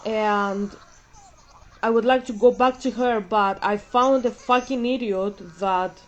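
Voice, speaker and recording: A woman's voice: fairly high pitch, steady tone, slow pace, lo-fi sound, soft background music. A woman vlogger ranting in casual commentary while gaming, blunt and profane, a bit out of breath.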